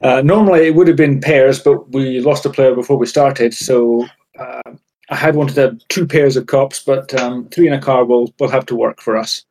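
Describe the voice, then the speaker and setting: A man narrating and running a tabletop role-playing game as game master, in a relaxed, chatty way. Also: medium pitch, moderate pace.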